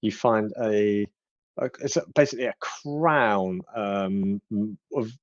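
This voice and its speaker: A man's voice: lowish voice, slow, dry recording, muffled recording. Man running a tabletop game. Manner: relaxed, hesitant, with many fillers. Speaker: game master.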